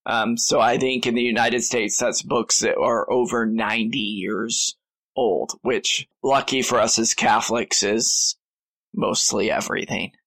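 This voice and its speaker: A priest who also teaches, speaking in a mid-pitched man's voice. He explains his recommendation patiently, pausing on fillers and restarting his sentences as he goes. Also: fairly even intonation, fairly bright tone, rough recording. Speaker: priest and high school teacher. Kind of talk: casual panel chat.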